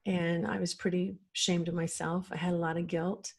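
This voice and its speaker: A woman's voice: on the low side, little pitch movement, moderate pace, vocal fry, breathy edge. A middle-aged woman, a podcast guest, telling a personal story in an earnest, emotional way.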